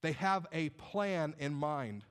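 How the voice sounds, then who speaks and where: A man's voice: a little high, animated, slow pace, fairly bright tone, clean tone. A male pastor preaching a sermon, dynamic and conversational, acting out doubters' voices along the way.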